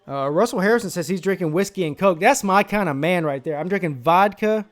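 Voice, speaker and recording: A man's voice: high-pitched, expressive, fairly quick. A man from South Carolina hosting a live football draft stream, brash, profane and joking in casual commentary.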